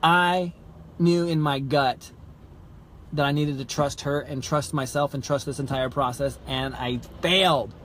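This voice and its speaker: Animated storytelling man, slightly high voice. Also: unhurried, slight background noise. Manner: animated, acts out quoted dialogue, many fillers. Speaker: podcast host. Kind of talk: casual storytelling monologue.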